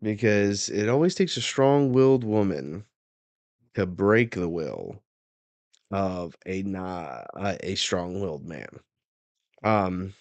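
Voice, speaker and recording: A man with a low, unhurried voice reads a comic chapter aloud and reacts as he goes. The sound is close and dry, with no room around it. He jumps into loud, higher character voices for the dialogue. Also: dry recording. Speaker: manga reaction host. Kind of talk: live reading and reaction.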